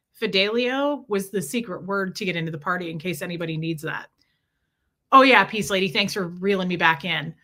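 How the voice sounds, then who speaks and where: A woman's voice: mid-range voice, pushed and bright. A woman chatting casually on a livestream, rambling from story to story and greeting viewers by name.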